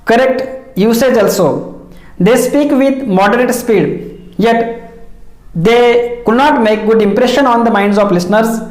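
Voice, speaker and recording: Woman, teaching, measured and repetitive, reverberant room. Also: fairly high pitch, a little mellow. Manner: measured, explanatory, repeats key phrases. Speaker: English teacher. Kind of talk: instructional lecture. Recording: echoey room.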